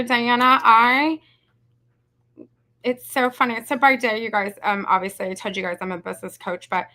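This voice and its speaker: A woman close to fifty hosts a live crafting session, chatty and rambling, calling out to viewers. Her voice is bright and forceful and sits a little high. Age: 40s. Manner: chatty, rambling, says "y'all" and "you guys". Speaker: craft video host. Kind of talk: casual live craft tutorial chat.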